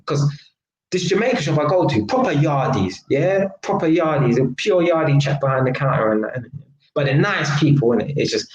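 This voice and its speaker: A man's voice: on the high side, darkish tone. A man hosting a live stream, telling a story in casual street slang full of tag questions. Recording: roomy echo.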